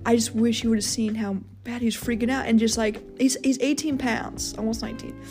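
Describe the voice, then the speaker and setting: Casual young female host, high-ish voice, rambly and profane, light music bed. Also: steady tone, a little fast, darkish tone. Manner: rambling, frequent fillers and swearing. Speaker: podcast host. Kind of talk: casual storytelling monologue.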